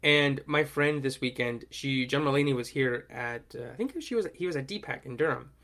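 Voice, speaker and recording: In a medium-pitched voice at a moderate pace, a young male podcast co-host rambles through a casual conversation. He sounds animated and leans on plenty of filler words.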